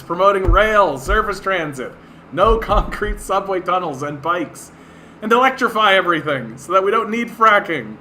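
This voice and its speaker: A man's voice: high-pitched, sharp tone, a little hiss or hum. A man from Canada hosting a livestream, ranting in exasperated disbelief, swearing and laughing at what he reads. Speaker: livestream host.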